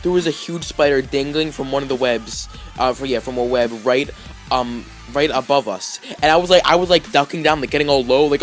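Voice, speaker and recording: Male vlogger, casual rambling storyteller, average pitch, soft music bed. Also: brisk. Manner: rambling, heavy with fillers and restarts.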